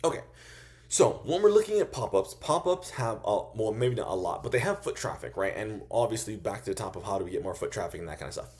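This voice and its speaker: A man coaching small vendors in a loose, profane style, acting out quick sales pitches as he goes. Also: expressive, a little mellow. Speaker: business coach. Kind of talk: casual instructional monologue.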